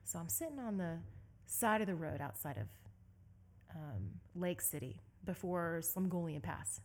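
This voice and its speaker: A young woman from Southeast Texas telling a story as an interview guest, animated and laughing often. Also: fairly low pitch, a little slow. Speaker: guest, endurance bike racer.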